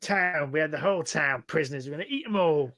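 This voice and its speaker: A man's voice: quick pace, fairly bright tone, close to an everyday voice. A man voicing a pompous, boastful little male goblin leader in a tabletop game. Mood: boastful whiny. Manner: boastful, squeaky and indignant.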